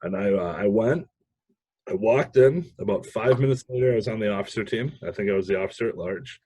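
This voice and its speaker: A man with a low, husky voice tells stories in a casual interview, animated and laughing often between lines. He is from Minnesota. The sound is close and dry. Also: a little fast, dry recording. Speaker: podcast guest, sales manager.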